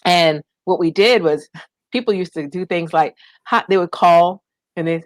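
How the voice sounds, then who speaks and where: A woman from the United States telling her story in an interview, animated, acting out quoted voices and fighting back tears. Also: on the low side, moderate pace, no room sound. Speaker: guest, nonprofit founder.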